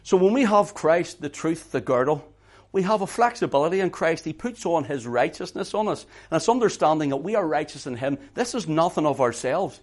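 A middle-aged man preaching a sermon, swinging between hushed intimate talk and loud emphatic preaching, repeating words for emphasis. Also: on the high side, expressive, a little fast.

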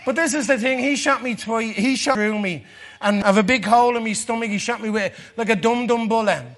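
An Irish man gives an earnest personal testimony sermon to a church gathering, his voice dropping low and slow for the dark parts.

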